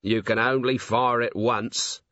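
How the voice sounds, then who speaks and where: A man voicing a bitter, gruff middle-aged watch commander who speaks curtly. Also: mid-range voice, steady tone, measured pace, bright, forceful tone, no echo, muffled recording. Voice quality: bitter, curt.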